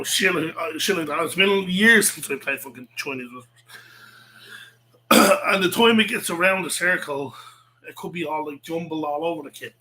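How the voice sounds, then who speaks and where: A man's voice: a little high, pushed and bright, low-quality recording. A man ranting in a rambling way, swearing a lot, with many fillers and restarts. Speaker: vlogger. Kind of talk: rambling rant to camera.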